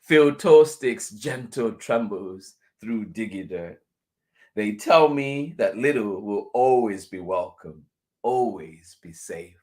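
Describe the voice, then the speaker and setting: A man reading a picture book aloud for children, going over each passage twice in a gentle way and chuckling softly between lines. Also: on the low side, animated, takes it slowly. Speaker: children's storyteller.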